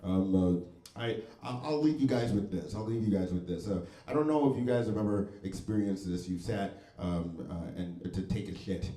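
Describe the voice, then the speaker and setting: A man doing a stand-up set in a comedy club, deadpan and wry, with very crisp, proper diction. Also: deep voice, normal speed. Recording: echoey club room.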